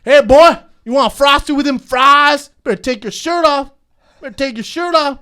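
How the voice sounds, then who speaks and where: A man's voice: very high-pitched, moderate pace, bright, forceful tone, voice pushed up. A man voicing a perverted redneck with a Southern American accent, drawling lewd orders. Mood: leering.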